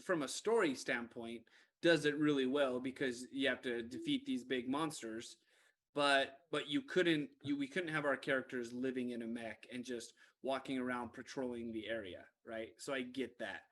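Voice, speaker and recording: A man co-hosting a video game podcast, talking casually, teasing his friend and reasoning through points out loud. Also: medium pitch, normal speed. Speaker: podcast co-host. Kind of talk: casual chat about video games.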